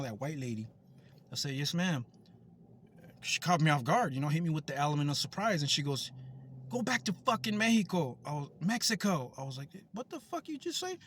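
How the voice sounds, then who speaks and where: A man's voice: fairly high pitch, a bit bright. A man from the United States, a vlogger, delivering a heated, profane, repetitive rant to camera.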